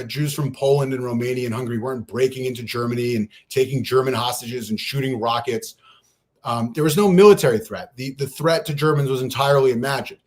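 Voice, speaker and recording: Man in a debate, mid-pitched, emphatic and lecturing, rattling off figures at a quick clip. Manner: emphatic, lecturing, piles up numbers; talks fast at times. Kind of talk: debate argument.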